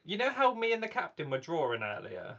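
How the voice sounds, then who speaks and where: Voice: medium pitch, sing-song, a little fast, a loud crowd. Eager, giggly player on a dull mic. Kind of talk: in-character tabletop play.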